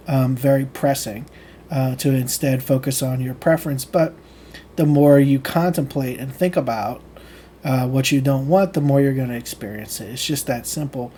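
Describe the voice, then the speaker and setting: Mellow-voiced man explaining at a thoughtful pace. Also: medium pitch, slight background noise. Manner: reflective, explains with frequent ums and restarts. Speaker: channel host reading and explaining lectures. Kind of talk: reading a lecture aloud, then casual explanation.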